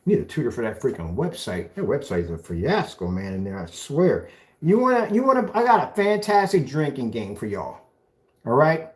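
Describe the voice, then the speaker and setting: A taunting man delivers a callout rant. His pitch swings up and down as he mocks, and he throws the other person's phrases back with scornful sarcasm. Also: big pitch swings, moderate pace. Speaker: video blogger. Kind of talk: ranting callout video.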